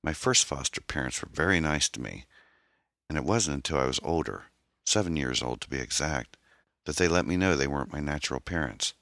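A man voicing a troubled young woman, an orphan who talks in a hesitant, halting, pained way. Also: a bass voice, animated, a bit bright, no echo, studio quality, heavily acted. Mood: guarded, pained.

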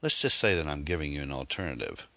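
A man's voice: rumbling low, sing-song, fast talker, vocal fry, pushed and bright, no echo, heavily acted. A man voicing a menacing young man who speaks with a slight hillbilly twang, coolly threatening and calculating. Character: menacing muscular young man, cold and coercive.

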